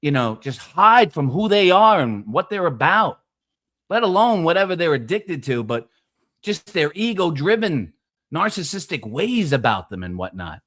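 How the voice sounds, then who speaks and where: A man ranting in casual streamed panel chat, profane and preachy, with loud emphatic bursts. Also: a little high, very animated, normal speed. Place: online streaming call.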